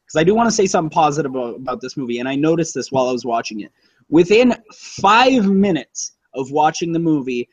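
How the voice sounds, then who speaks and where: A man's voice: a little high, slightly rough, no echo, muffled recording. Rambling, profane guy in casual chat. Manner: rambling and profane, with lots of fillers and self-corrections. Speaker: podcast co-host reviewing a movie.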